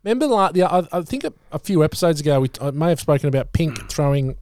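Male podcast co-host, slightly high voice, deadpan teasing, dry close mic. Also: quick pace, no room sound. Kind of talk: casual chat.

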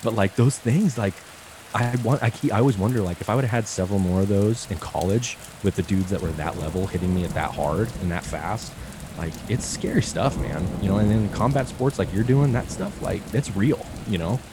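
Over the sound of noisy rain, a man in his late twenties chats casually and rambles through his stories, filling them with "like." His voice is lowish and fairly quick.

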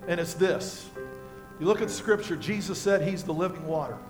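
An older American pastor preaches in a high-pitched voice, telling homey stories and moving from hushed moments to loud peaks. Music plays clearly behind his sermon. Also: normal speed. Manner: folksy storytelling with props, swinging from quiet to loud.

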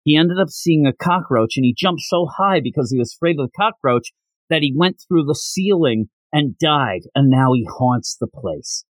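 A man's voice: fairly high pitch, expressive, moderate pace, no room sound, rough recording. A man voicing a young woman who passes on a ghost rumor in a gossipy way.

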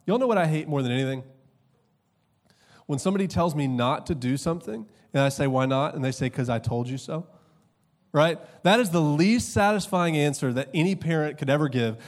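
A young male pastor preaching in a loose, joking way. His voice sits a bit high for a man, and he races through asides, then slows right down to lean on key words. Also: animated. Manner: conversational and humorous, shifting between quick asides and slow emphatic drops. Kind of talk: sermon.

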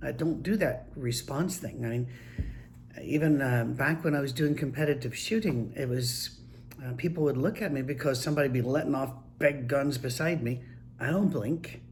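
An older man tells wry, folksy anecdotes in a relaxed monologue. His voice sits in an ordinary middle pitch for a man. A faint hiss runs under the recording. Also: normal speed. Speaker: grandfather telling stories. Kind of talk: casual storytelling monologue.

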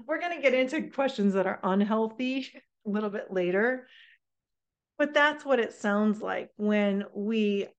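Middle-aged woman workshop presenter, slightly high voice, chatty and engaging. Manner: lively, conversational, checks in with listeners.

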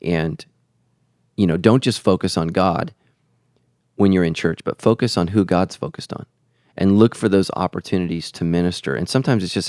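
A man's voice: deep voice, normal speed, darkish tone, no echo, clean studio sound. A man who is a pastor and podcast host, teaching in an earnest, preacherly way and repeating phrases for emphasis.

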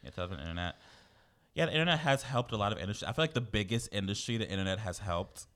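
A congested man on a casual podcast. His low-ish voice swings widely in pitch and has a bright, forceful edge. He teases and laughs easily. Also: expressive, rapid-fire. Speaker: podcast co-host.

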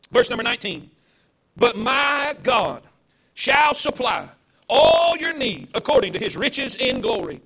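A man's voice: high voice, pushed and bright, slightly rough. A man preaching an emphatic, repetitive sermon to people at home. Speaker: pastor.

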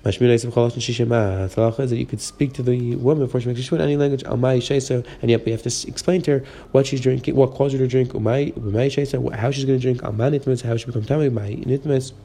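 A man teaching a Talmud page, quickly reading the Aramaic and explaining it in English. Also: medium pitch, steady tone, mellow. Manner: rapid, mixing Aramaic and English. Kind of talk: fast daf yomi lesson.

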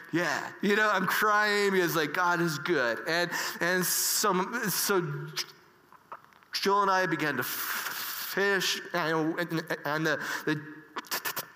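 Man, high voice, earnest halting storyteller, speaking in a reverberant hall. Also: pushed and bright. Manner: halting, many restarts and fillers; earnest and emotional. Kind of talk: personal storytelling talk.

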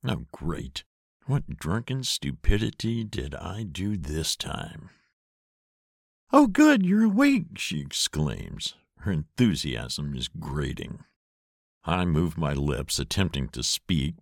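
A man's voice: a bass voice, animated, takes it slowly, gravelly, no room sound, clean studio sound. A man reading first-person audiobook narration in a weary, sardonic way.

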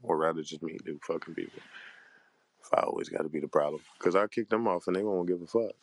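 Deep-voiced, this panel host vents in a furious, profane livestream rant with no room sound. Exasperated and hot-tempered, he stretches out his words in a weary way.

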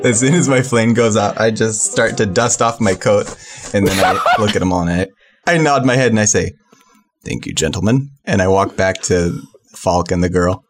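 A man playing in a tabletop game, describing his character's antics in an animated, giggly way. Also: fairly low pitch, normal speed, over music. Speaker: player. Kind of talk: tabletop role-play.

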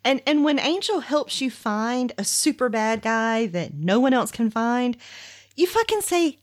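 A woman's voice: a little high, lively intonation, measured pace. A woman with a Southern US accent co-hosting a podcast, blunt and laughing, swearing freely. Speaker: podcast co-host. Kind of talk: casual chat.

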